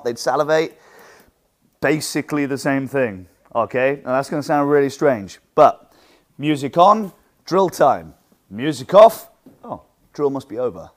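A man who teaches martial arts, coaching other instructors in a lively teaching talk, projecting his voice and acting out what students say. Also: on the high side. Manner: loud projecting voice from the diaphragm.

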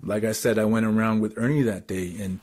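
A man from Canada telling a story in casual chat, excitable and rambling with lots of fillers. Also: on the low side, a little fast.

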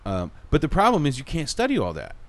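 A man's voice: fairly high pitch, wildly swooping pitch, fast, no echo. A man co-hosting a podcast, opinionated and questioning, often restarting his sentences. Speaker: podcast co-host. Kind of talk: casual chat.

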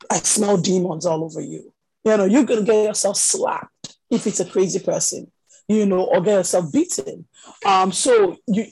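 A woman leads a teaching session over a video call. Her voice is gravelly and a little husky, and she keeps a loose, conversational flow dotted with "you know." She stays at a middling pitch throughout. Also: a little mellow, rough recording. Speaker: prophetic ministry teacher.

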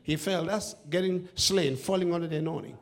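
A man preaching a sermon, emphatic and often shouting to the congregation. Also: a little high, a little fast.

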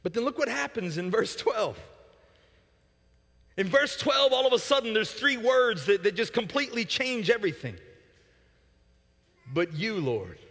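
A man preaching a sermon as pastor, impassioned, rising to loud peaks and falling to soft prayer, often restarting words. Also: very high-pitched, animated. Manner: repeats words in quick restarts. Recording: long hall reverb.

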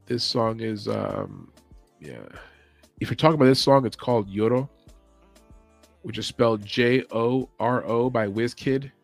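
A man hosting a late-night livestream, chatting loosely with his viewers and swearing freely, and now and then mimicking commentators with sudden yells and whispers. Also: lowish voice, unhurried, vocal fry, pauses often. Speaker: podcast host. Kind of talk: casual livestream chat. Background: faint music playing.

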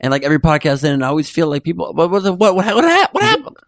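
A man bantering excitedly and cracking jokes as a regular on a casual podcast chat. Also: fairly high pitch, rapid-fire, no room sound.

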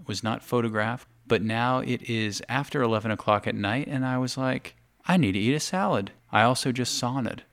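A man's voice: mid-range voice, clear, resonant tone. A man chatting casually to camera for his video blog, talking between bites of food. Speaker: video blogger.

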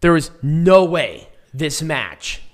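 A young man hosting a casual wrestling review podcast, hoarse from losing his voice, his voice squeaking and breaking as he rambles and laughs at himself. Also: very animated, slow pace. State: hoarse, lost voice, voice cracking. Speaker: podcast host.

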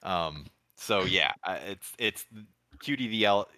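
A man's voice: low-pitched, animated, a little slow, sharp tone, no echo. A man co-hosting a casual podcast chat, telling a story with rambling restarts and frequent laughs. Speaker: podcast co-host.

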